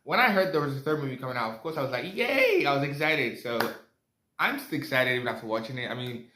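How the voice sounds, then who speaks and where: A man's voice: mid-range voice, fast, sharp tone, slight background noise. Young man, casual movie review, rambling and chatty, echoey room. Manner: rambling, chatty, lots of fillers and asides.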